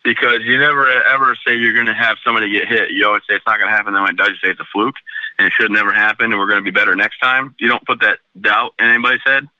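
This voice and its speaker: A man, an Army veteran, calmly recounting a personal story in a remote interview, matter-of-fact and self-deprecating. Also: on the low side, very fast, no room sound, lo-fi sound.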